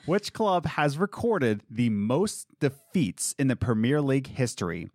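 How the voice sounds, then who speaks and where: A man's voice: medium pitch, slow, no room sound, clean studio sound. A man hosting a casual podcast, reading out quiz questions and joking with his guests. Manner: animated, laughing, quizzing a guest. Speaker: podcast host.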